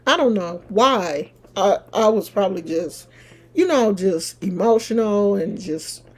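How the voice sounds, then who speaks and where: A middle-aged woman, casually telling a personal story straight to her viewers in an animated, chatty way. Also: medium pitch, unhurried. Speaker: vlogger.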